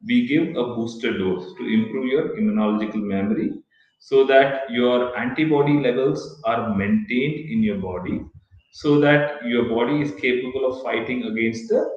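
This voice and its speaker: A male pediatrician, explaining vaccines to parents in a halting, explanatory way during an online workshop. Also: mid-range voice. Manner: explanatory, halting with self-corrections. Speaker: pediatrician answering parents' questions. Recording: echoey, dull lo-fi call audio.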